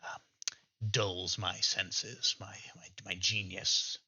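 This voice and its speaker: A man plays a boastful, delusional hermit in a tabletop game, rude and full of himself. The voice is bright and sharp, and the recording has a dull, lo-fi quality. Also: lowish voice, moderate pace, heavily acted. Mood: pompous. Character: arrogant delusional male hermit Vulture.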